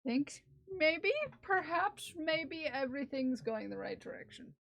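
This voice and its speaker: A woman's voice: sits high, animated, measured pace, gravelly, fairly bright tone. A woman streaming live, chatting casually with her viewers while working on a crafting project, laughing and talking to herself. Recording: slightly dull lo-fi stream audio.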